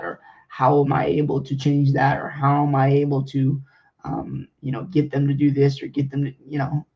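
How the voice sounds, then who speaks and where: A man's voice: mid-range voice, vocal fry, warm tone, dull audio. A man, a coach hosting a radio show, giving a rambling motivational monologue full of fillers and restarts, repeating words for stress.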